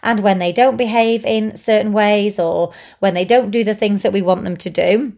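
A woman with a voice of middling pitch talks in a gentle, reflective way, as if speaking straight to the listener. She leans on repeated words to make her points land. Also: steady tone, normal speed. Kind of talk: reflective talk to camera.

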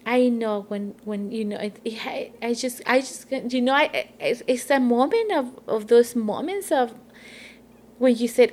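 Higher-voiced woman testifying. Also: moderate pace. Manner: warm, emphatic storytelling with frequent affirmations. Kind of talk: faith conversation.

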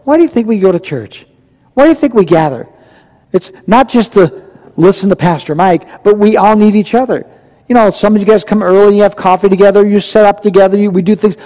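A man preaches a sermon with a fairly high, mellow voice, speaking emphatically and throwing rhetorical questions at his congregation. His voice rings with the long reverb of a large church hall. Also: a little fast. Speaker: pastor. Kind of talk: verse-by-verse sermon.

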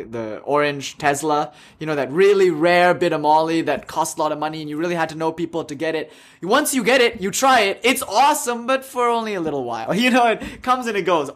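A man's voice: on the high side, a bit bright. A young man leading a yoga class, giving a casual, joking spiritual talk and laughing often between thoughts. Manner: laughs often, jokey, rambling with fillers. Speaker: yoga teacher.

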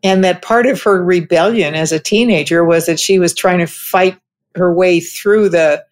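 A woman co-hosting a casual conversation, speaking thoughtfully with personal stories and pauses. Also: fairly low pitch, fairly even intonation.

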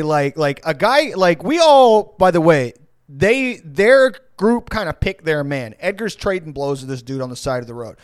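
A man hosting a podcast who tells a story in a casual, rambling, profane and animated way. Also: fairly high pitch, dry recording, studio quality.

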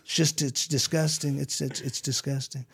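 A man's voice: medium pitch, flat delivery, normal speed, gravelly, fairly bright tone, husky, pitched below the performer's own voice, full character voice. A man doing an impression of a brash, boastful older politician, repeating short punchy phrases.

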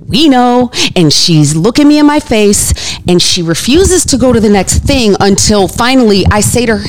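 An animated woman recounting a story, her pitch swinging widely as she acts out each person in it. Her voice sits fairly high, and faint music plays under her speech. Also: fairly quick. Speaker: guest telling a story. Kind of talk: emotional storytelling.

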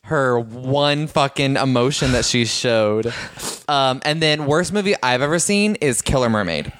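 A man co-hosting a casual movie chat, eager and full of strong opinions. His voice sits at an ordinary pitch and sounds dry and close. He talks in loose, friendly banter. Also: animated, measured pace, a bit bright, no room sound. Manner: enthusiastic, opinionated. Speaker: podcast co-host.

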